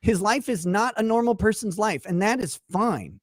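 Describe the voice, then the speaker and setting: A man's voice: high voice, animated, moderate pace, no room sound, studio quality. A man in a played stream clip, talking about someone in a dismissive, condescending, breezy way. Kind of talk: casual stream monologue.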